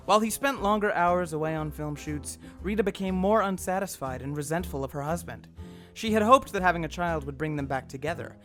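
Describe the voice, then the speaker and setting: Higher-pitched man narrating dryly. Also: fairly bright tone. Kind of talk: scripted podcast narration.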